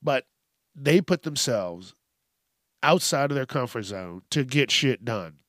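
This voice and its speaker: Solo male podcast host, slow and loose, salty jokester, close dry mic. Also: mid-range voice, lively intonation, a bit bright, dry recording. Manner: profane, joking, laughs often.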